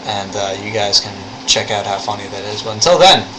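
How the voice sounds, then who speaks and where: A man's voice: on the low side, expressive, brisk. A young man talking casually in a rambling video log, swearing now and then. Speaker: vlogger. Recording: air conditioner hum.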